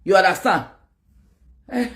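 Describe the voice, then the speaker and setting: A Nigerian woman with a Nigerian accent, ranting to her viewers in a rambling, animated way and mixing pidgin with local-language phrases. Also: medium pitch, a little slow. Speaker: online video host. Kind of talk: casual rant to camera.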